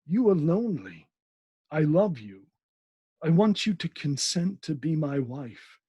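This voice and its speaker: A man's voice: a little high, sing-song, a little slow, warm tone, husky, no room sound, muffled recording, full character voice. A man reading aloud, voicing an ardent young English doctor who speaks earnestly and pleadingly.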